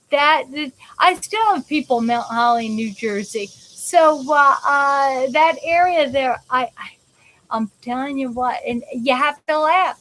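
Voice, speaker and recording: A woman's voice: high-pitched, fairly bright tone, poor audio. A woman hosting a live chat show, talking in a rambling, chatty way with many restarts and stopping to greet viewers by name. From United States. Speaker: host of a live interactive show. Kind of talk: casual live-stream chat.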